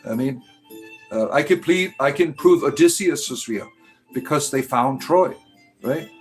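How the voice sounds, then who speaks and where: A livestream host answers his chat in a sarcastic, scornful way during casual conversation. His medium-pitched voice is animated and a little slow, with faint music behind him.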